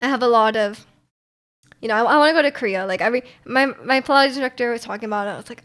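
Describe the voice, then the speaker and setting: A young woman talks casually on a stream from home into a desk mic. Her voice sits a bit high. She rambles, restarts her sentences and laughs often while answering chat. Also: lively intonation, quick pace, a bit bright. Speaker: livestreamer.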